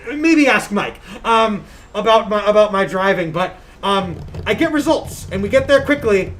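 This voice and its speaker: A woman from Long Island co-hosting a casual gaming podcast, animated and jokey, laughing often. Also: medium pitch, normal speed, slight background noise. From Long Island, New York. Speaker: podcast co-host. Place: streaming setup.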